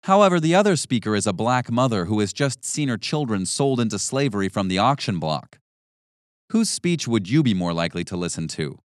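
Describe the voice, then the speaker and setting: A man reading an instructional audiobook in a measured, instructive manner with deliberate emphasis. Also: fairly low pitch, big pitch swings, dry recording, clean studio sound. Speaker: narrator. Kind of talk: scripted audiobook narration.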